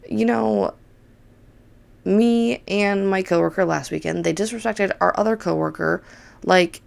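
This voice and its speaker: A young woman recounts a story in a casual, animated way, acting out what others said and swearing often. Her voice sits low, with a heavy gravelly fry running through it. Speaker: podcast host.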